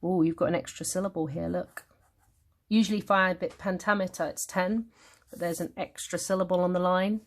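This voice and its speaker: A woman with a British accent teaching a revision lesson. She thinks aloud, corrects herself and reads verse lines slowly. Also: on the low side, fairly even intonation. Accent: British English. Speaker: English literature tutor. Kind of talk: revision lesson, annotating a text.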